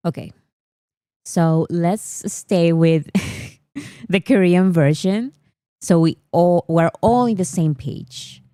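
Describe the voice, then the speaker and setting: A woman's voice: fairly low pitch, takes it slowly, pauses often, mellow, no room sound, clean studio sound. A woman from Peru, chatting casually on a livestream and laughing often. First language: Spanish. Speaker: livestream host.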